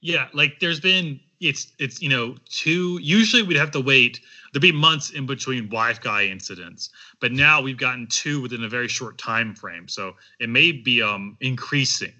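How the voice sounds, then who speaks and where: A man co-hosting a podcast, rambling and halting through crude comedic banter and mocking impressions. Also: medium pitch, bright, forceful tone.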